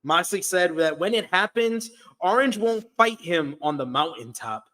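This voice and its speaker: A man's voice: sits high, animated, unhurried, pushed and bright. A man co-hosting a wrestling review show, reading a blunt, wry recap of the episode.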